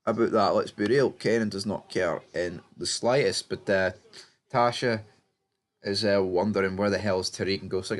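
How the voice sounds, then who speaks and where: A man talks through a TV recap in loose, rambling speech. His voice sits a little low. He swears freely and often trips over his words before pushing on. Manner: rambling, blunt, swears freely, lots of fillers and restarts. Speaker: TV show reviewer. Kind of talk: casual recap commentary.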